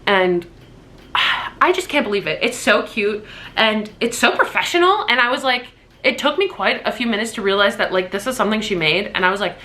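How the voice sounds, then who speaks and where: A woman in her twenties chatting excitedly in a casual birthday haul vlog at home, gushing and swearing casually. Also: medium pitch, brisk. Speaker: vlogger.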